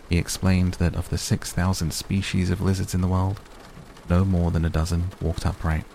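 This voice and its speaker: A man with a very low, gravelly voice narrates an audiobook in a steady, even reading. There is clear noise in the recording. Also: moderate pace. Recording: noisy recording.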